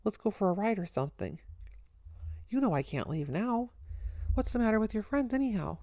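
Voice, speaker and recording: A woman's voice: mid-range voice, lively intonation, a little fast, mellow, no echo, clean studio sound, close to an everyday voice. A woman reading the part of a cocky young man, slangy and wisecracking. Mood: griping. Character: brash cocky young man, show-off party guest.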